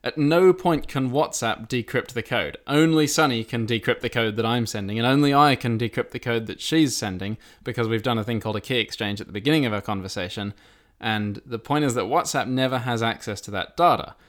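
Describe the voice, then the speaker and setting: A man co-hosting a casual chat podcast, explaining technology in quick bursts with a lively manner. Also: medium pitch. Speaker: podcast co-host.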